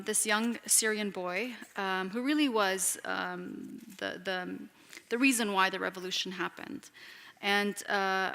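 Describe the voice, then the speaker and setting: A woman, an author taking questions at a public talk, speaks in an animated way with frequent restarts and "you know.". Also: medium pitch. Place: lecture hall with an audience. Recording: long hall reverb.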